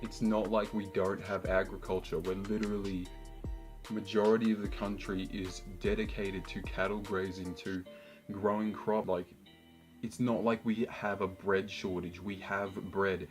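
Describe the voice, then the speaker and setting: Brief: Australian vlogger, incredulous ranting reaction, lowish voice. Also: male voice, little pitch movement, unhurried, faint music behind. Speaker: YouTube host. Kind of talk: reaction rant.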